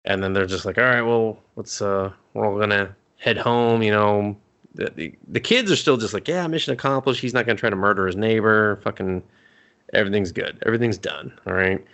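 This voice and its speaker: A man co-hosting a casual movie recap podcast, swearing freely and acting out characters in quick jokey bits. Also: fairly low pitch, a bit bright. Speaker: podcast co-host.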